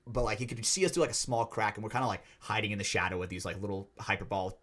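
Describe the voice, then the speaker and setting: Animated, profane male podcast storyteller. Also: lowish voice, very fast. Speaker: podcast co-host. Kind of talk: casual chat.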